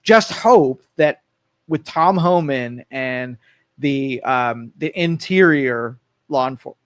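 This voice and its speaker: A man co-hosting a local talk radio show in casual political talk, animated, acting out quoted voices and restarting often. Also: medium pitch, slow, dry recording. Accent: Northeast Ohio. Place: radio studio.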